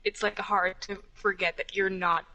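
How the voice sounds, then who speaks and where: A woman's voice: medium pitch, little pitch movement, normal speed, sharp tone, dull audio. A young woman co-hosting a casual podcast about roleplay, chatty and laughing often, with many fillers. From Hispanic background. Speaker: podcast co-host.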